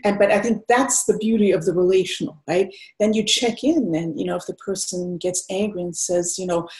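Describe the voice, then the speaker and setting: Mellow-voiced woman therapist. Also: lowish voice, fairly even intonation, brisk. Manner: gentle, earnest, explaining. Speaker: therapist guest. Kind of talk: conversational interview.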